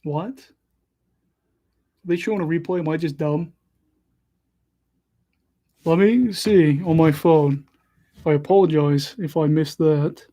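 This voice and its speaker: Young male livestream host, fairly high mellow voice, casual chatty hockey commentary. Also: slow, pauses often. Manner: chatty, self-deprecating, follows play live.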